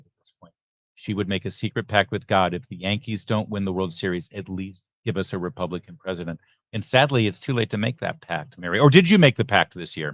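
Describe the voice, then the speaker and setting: A middle-aged man with a low voice hosts a live election night stream at a watch party venue, reading viewer messages aloud. Chatty and joking, he makes many asides with lively ups and downs, and his voice sounds close and dry, with no echo.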